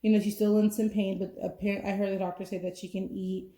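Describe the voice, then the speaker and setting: A woman's voice: mid-range voice, flat delivery, fast talker, mellow. A young adult woman hosting a podcast, chatting casually in a rambling way, full of "like" and "you know". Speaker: podcast host. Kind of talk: casual chat.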